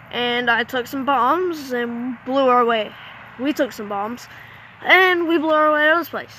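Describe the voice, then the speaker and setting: A woman telling a jokey made-up adventure story, animated and self-mocking, with mouth sound effects. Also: high voice. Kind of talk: playful comic storytelling.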